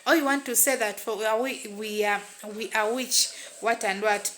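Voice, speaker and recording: A woman's voice: a little high, moderate pace, fairly bright tone, a little hiss or hum, natural voice. A woman voicing a stern father barking orders in a told story. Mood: angry, commanding.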